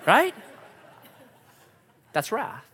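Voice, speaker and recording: A man preaching a sermon, telling a personal story in an animated, conversational way with self-deprecating humor. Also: drawn-out words, a faint crowd. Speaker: pastor. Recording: long reverb of a large hall.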